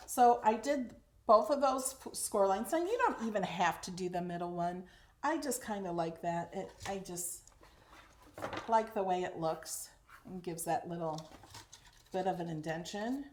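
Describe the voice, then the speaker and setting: A woman hosting a casual craft tutorial, chatty and excitable as she talks through each step while working. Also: lowish voice, moderate pace. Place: craft room at home. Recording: echoey room, faint noise.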